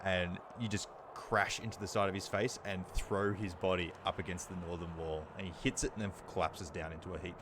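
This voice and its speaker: A man narrating as dungeon master of a tabletop game, talking loosely with many fillers and pauses. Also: low voice, fairly even intonation, background noise.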